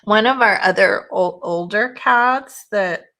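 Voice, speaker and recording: Slow, gravelly woman chatting while crafting. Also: noisy background. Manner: chatty, slips into high baby talk with her cat. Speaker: craft channel host. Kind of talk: casual crafting chat.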